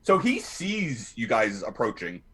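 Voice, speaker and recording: Guy gm-ing a tabletop game, lots of uhs and restarts, pitch bouncing all over. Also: huge pitch swings, measured pace, pushed and bright. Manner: hesitant, many fillers and restarts. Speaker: game master.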